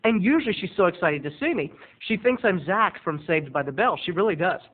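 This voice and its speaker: A man's voice: sits high, animated, a little fast. A man from Maryland rambling through a casual storytelling vlog, chatty with playful dramatic swings, recorded with tinny lo-fi sound. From Maryland, USA. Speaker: video blogger.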